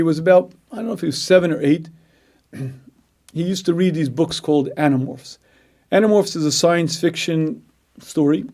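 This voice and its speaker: A middle-aged man teaching a class as a rabbi, emphatic, often clearing his throat and acting out inner voices. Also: on the high side, dark tone. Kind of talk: lecture.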